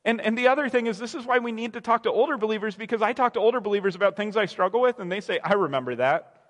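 A man's voice: high voice, fairly even intonation, racing, a bit bright, long reverb tail. A young man preaching a sermon in a casual, conversational way, often restarting phrases and acting out quoted voices. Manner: conversational, self-correcting, acts out quoted voices. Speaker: pastor.

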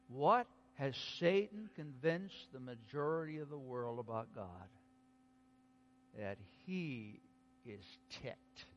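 A man preaching a sermon, slow and emphatic, dropping to a hush and then rising to exclaim. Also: fairly high pitch, dull audio. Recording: long hall reverb.

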